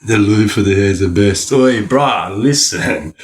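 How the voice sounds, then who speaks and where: Slow, slangy man telling stories. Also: on the low side. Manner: slangy, laughs often, rambling. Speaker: livestreamer. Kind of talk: casual storytelling to a live chat.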